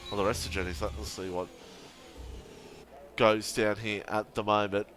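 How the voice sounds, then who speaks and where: A man's voice: lowish voice, flat delivery, moderate pace, music in the background. A young man commentating a sim racing league stream, chatty and laughing as he banters with chat and co-hosts. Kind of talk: casual live stream commentary.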